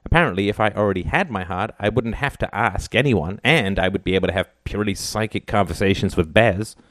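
Guy doing a fretful professor who keeps doubting himself, lowish voice, dry sound. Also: brisk, a bit bright, no room sound, natural voice. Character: anxious, self-doubting male professor. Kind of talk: audiobook character reading.

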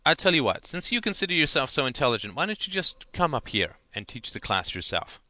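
A man's voice: mid-range voice, very animated, normal speed, sharp tone, dry recording, heavily acted. A man voicing a stern, sarcastic female English teacher who barks at her pupil. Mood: commanding. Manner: sarcastic, barking.

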